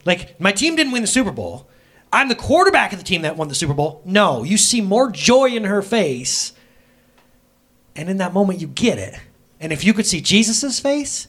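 A man preaching an energetic sermon as pastor, animated and exclamatory, acting out God's voice to the congregation. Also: high-pitched, moderate pace.

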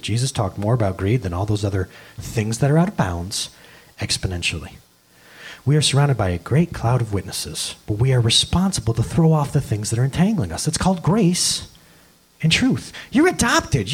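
A man's voice: on the high side, slightly rough. A man in his thirties preaching a sermon as a pastor, talking casually and acting out quotes along the way. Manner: animated, conversational preaching with acted-out quotes.

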